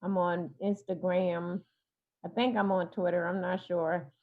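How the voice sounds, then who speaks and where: A woman therapist speaking as a guest in an interview, talking with frequent fillers, pauses and restarts. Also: on the low side, flat delivery, narrow, tinny audio. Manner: hesitant, many fillers and restarts. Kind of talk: interview talk.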